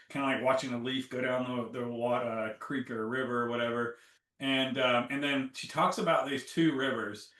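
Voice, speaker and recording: A man being interviewed about his healing, animated and acting out his own inner dialogue. His voice is bright and forceful. It comes from a little off the mic in an echoey room. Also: mid-range voice. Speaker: guest, health coach. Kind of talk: casual interview talk. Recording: roomy, from a distance.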